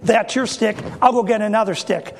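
A man's voice: high voice, steady tone, normal speed. A man voicing Moses as a stubborn, reluctant shepherd who whines and protests over and over, in a sermon story. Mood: whining. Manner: whiny, protesting, repetitive.

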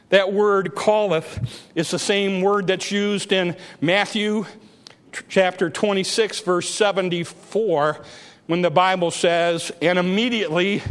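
A male preacher delivering a dramatic sermon, building to shouts and repeating phrases for emphasis. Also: high voice, long reverb tail.

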